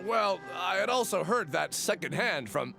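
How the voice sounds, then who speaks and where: Game NPC, male: a folksy older villager spinning legends; slightly high, animated pitch, faint music behind. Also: moderate pace, vocal fry. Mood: storytelling. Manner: folksy and talkative, tells legends.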